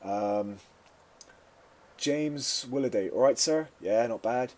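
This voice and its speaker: A man's voice: medium pitch, takes it slowly, a little mellow, slight background noise. A man teaching media studies, answering viewer questions in a casual live-streamed revision session, with frequent fillers.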